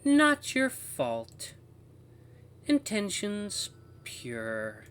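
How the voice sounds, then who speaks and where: A man voicing a distorted, eerie female voice that speaks through a walkie in choppy, halting phrases. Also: sits high, wildly swooping pitch, a bit bright, clear, resonant tone, pitched above the performer's own voice, heavily acted. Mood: choppy pleading.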